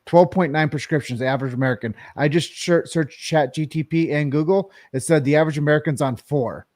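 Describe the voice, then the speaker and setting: A man's voice: on the high side, a little fast, a little mellow, no echo, clean studio sound. A man co-hosting a podcast, talking earnestly in a casual, rambling way and asking a guest a question. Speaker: podcast co-host.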